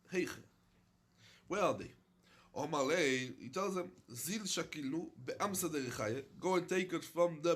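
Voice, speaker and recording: A man teaching a Talmud class, reading short Aramaic phrases and explaining each one in plain English. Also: a little high. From London. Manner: reads Aramaic phrases then explains in English, with many fillers.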